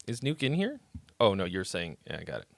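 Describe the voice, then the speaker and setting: A deep, creaky male voice, a little fast and full of huge pitch swings, comes through with no echo. He's a livestream host reviewing songs who reads chat messages out loud and jokes around with profane, casual banter.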